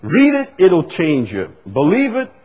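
Preacher guy, husky voice, lotsa up and down in pitch, long church echo. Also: huge pitch swings, measured pace, a little mellow, lo-fi sound. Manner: repetitive, emphatic preaching with rising bursts. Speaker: pastor. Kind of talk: sermon. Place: church sanctuary. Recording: long hall reverb.

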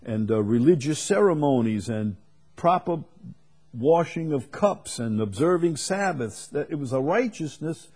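A middle-aged man delivers a sermon at an unhurried pace. His voice is mellow and slightly husky, and he leans hard on repeated words with rising emphasis. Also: fairly high pitch, animated. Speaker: preacher.

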